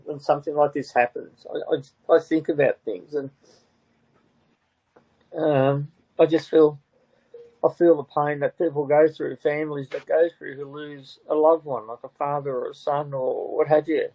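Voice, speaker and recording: This is an older man speaking as a tearful, grieving father. His voice sits a little high and keeps breaking. He talks haltingly and circles back over the same words. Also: fairly even intonation, no echo, highs cut off. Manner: halting, repeats himself, voice breaking. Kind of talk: emotional interview talk.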